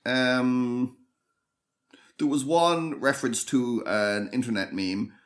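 A man's voice: medium pitch, slow pace. A man co-hosting a podcast, talking things over in a thoughtful, hesitant way with many restarts. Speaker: podcast co-host. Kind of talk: casual chat.

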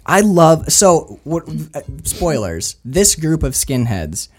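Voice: medium pitch, very animated, slow, breathy edge. American storyteller chatting about a film. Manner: rambling storyteller, acts out quotes. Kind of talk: casual chat reviewing a film.

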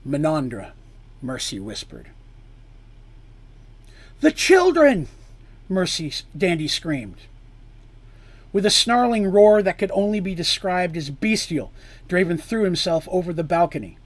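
A man reading a fantasy story aloud with drama, his voice sinking low and quiet on grim lines and lifting louder on tense ones. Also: very animated, normal speed, no room sound.

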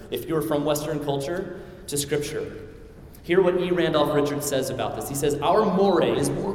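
A man's voice: on the high side, a little hiss or hum. A young man from the American Midwest with a Midwestern accent, preaching a sermon as pastor in an earnest, conversational way. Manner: earnest, conversational, animated when telling stories. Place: church sanctuary. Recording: echoey hall, mic at a distance.

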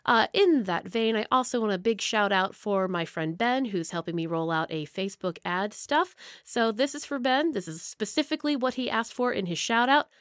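A woman's voice: medium pitch, moderate pace, hardly any pauses. A woman hosting a podcast, chatting in a bubbly, playful way. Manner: bubbly, playful, sing-song. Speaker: podcast host. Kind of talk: casual podcast chat.

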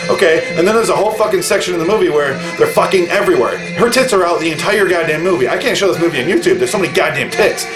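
A man's voice: sits high, animated, racing, few pauses, over music. A man reviewing a movie in a furious rant, swearing constantly and bluntly listing everything he hated. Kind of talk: angry profane rant.

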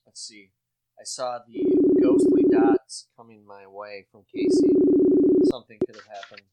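A man, co-hosting a podcast in casual chat, telling jokey stories with lively swooping emphasis. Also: fairly low pitch, normal speed, background noise. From Midwestern United States. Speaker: podcast co-host.

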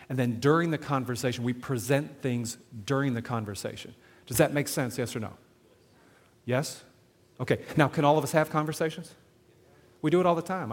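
A man preaching to a live audience on sharing faith, animated, often asking the crowd questions and checking in with "okay?". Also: mid-range voice. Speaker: evangelism speaker. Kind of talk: sermon-style teaching to an audience. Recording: long hall reverb.

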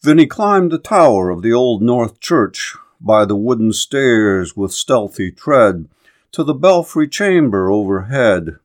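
A man reciting a narrative poem and explaining its meter in a measured, deliberate way. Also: medium pitch, very animated. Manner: measured, deliberate reading with rhythmic emphasis. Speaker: poetry lecturer and reader.

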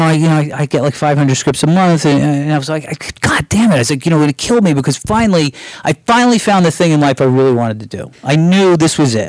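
A man's voice: mid-range voice, no echo, rough recording. A middle-aged man from Brooklyn, telling candid stories as a guest in an interview, acting out the voices he quotes. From Brooklyn, New York. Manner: animated storyteller, acts out quoted voices, swears casually. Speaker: guest screenwriter.

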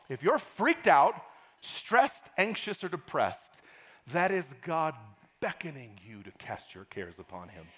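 A male pastor delivering a sermon in a church, his voice bright and forceful. He leaps between high, loud exclamations and quiet, intimate asides, drawing call-and-response from the congregation.

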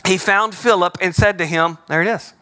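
Pastor, male, high and bright voice, dry close sound, casual sermon delivery with emphatic repeats. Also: steady tone, normal speed, dry recording. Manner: conversational, emphatic, repeats key words.

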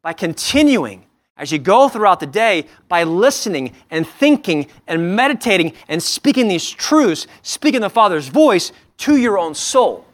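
Man, high voice, pastor, sermon, earnest rhetorical questions, repeats himself. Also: very animated, unhurried. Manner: earnest, asks the congregation many rhetorical questions; repeats and restarts phrases as he speaks.

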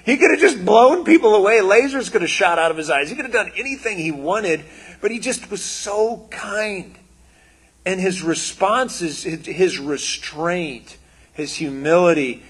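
A man giving a casual, conversational sermon, animated and full of quoted asides. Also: high voice, measured pace, husky. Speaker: preacher.

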